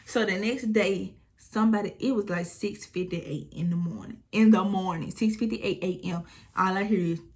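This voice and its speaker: Animated young woman telling a storytime. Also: medium pitch, normal speed, noisy background. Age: 20s. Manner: animated retelling, acting out quotes, frequent swearing. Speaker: storytime vlogger. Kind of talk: casual storytime chat.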